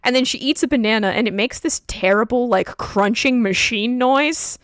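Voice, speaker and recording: A woman hosts a casual livestream chat in a slightly high voice. She tells stories with animated energy and laughs often. Her voice sounds close and dry, with no room echo. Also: normal speed. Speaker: streamer host.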